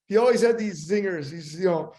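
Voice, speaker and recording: An older man reminisces in a loose, rambling way, slipping into lively impressions of the people he talks about. His voice sits a little high for a man. He is a sales trainer chatting as a guest. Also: a little fast. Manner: animated, rambling anecdotes with voice impressions. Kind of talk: casual storytelling.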